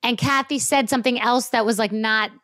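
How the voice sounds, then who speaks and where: Blunt animated woman podcast host. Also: fairly high pitch, a little fast, dry recording, clean studio sound. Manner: blunt, animated, swears freely. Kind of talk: casual chat.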